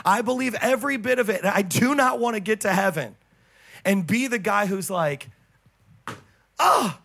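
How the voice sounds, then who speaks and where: A man with a notably high voice delivers a sermon as a pastor. He is fervent and bursts into shouts on his biggest claims, then slips into quick, conversational asides. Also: gravelly, a little hiss or hum. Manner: fervent, swings between loud exclamations and quick asides.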